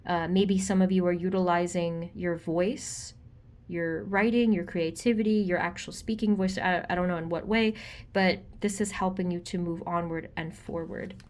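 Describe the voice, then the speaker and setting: A woman doing a pick-a-card tarot reading for viewers, gentle and reassuring, chatty, with frequent ums and an easy laugh. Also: fairly low pitch, steady tone, moderate pace. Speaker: tarot reader.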